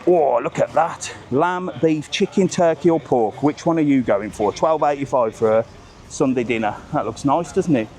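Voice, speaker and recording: A man's voice: mid-range voice, normal speed. A middle-aged man chatting cheekily as he walks a resort street live, filming on a handheld phone and greeting passers-by. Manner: chatty, cheeky, swears casually, greets strangers loudly. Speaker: vlogger host. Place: outdoors on a busy resort street.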